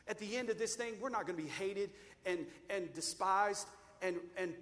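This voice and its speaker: A man preaching a sermon emphatically, firing rhetorical questions and rising to shouts. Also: high-pitched, moderate pace, big-room sound.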